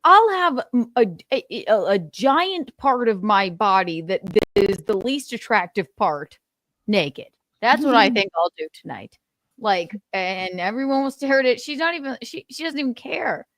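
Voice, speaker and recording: A woman's voice: fairly high pitch, very animated, normal speed, a bit bright, no echo. Sarcastic woman with a dry, close voice. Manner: sarcastic and outspoken, swears. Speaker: co-host. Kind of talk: casual reaction commentary.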